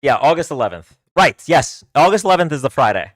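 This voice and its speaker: A man's voice: on the high side, big pitch swings, fairly quick, dry recording, clean studio sound. A man hosting a livestream, telling a long casual story in a rambling way with many fillers and restarts. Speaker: livestream host.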